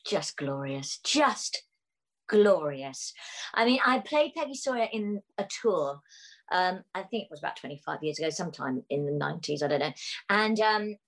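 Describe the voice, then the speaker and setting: Give me an animated middle-aged British woman recounting theatre stories. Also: on the low side, fairly quick, vocal fry, rough recording. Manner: animated storyteller who laughs often. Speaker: musical theatre actress, guest. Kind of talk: casual anecdotal chat.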